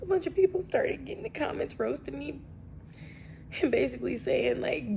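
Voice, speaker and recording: Her voice is high, animated and creaky, with a darkish tone and normal speed, as this young woman rambles through a casual vlog. She's slangy, chatty and self-deprecating, a little sniffly from allergies, with slight background noise.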